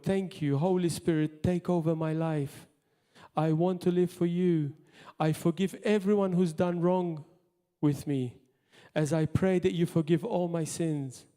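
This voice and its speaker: A man preaching a sermon as pastor, in impassioned bursts that drop to quiet asides. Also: fairly high pitch. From Malta. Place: church hall. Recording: long hall reverb.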